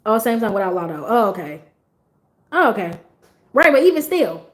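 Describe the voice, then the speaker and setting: Lively, blunt young woman streamer. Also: mid-range voice, a little fast, a little hiss or hum. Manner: animated, blunt and profane, laughs often. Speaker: livestream host. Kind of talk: casual livestream chat.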